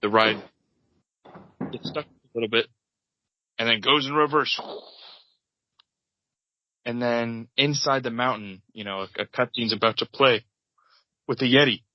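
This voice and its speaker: A man co-hosting a podcast, narrating an improvised comedic table read in a rambling, halting way. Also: mid-range voice, no room sound. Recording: dull, lo-fi, dry podcast mic.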